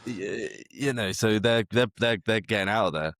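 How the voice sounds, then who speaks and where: A man's voice: on the low side, normal speed, a bit bright, no room sound, studio quality. A man, co-hosting a podcast and rambling through theories in casual chat, with frequent restarts. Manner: rambling, speculative, full of restarts. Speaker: podcast co-host.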